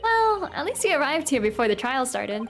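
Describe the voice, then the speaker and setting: A woman voicing a polite, earnest young woman assistant in a proper, high reading voice. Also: big pitch swings, normal speed, fairly bright tone, soft background music, exaggerated voice.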